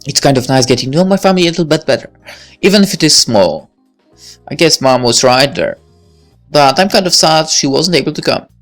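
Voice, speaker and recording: A woman voicing a thoughtful high school senior girl while reading a visual novel aloud, in a musing inner-monologue manner. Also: lively intonation, brisk, faint music behind.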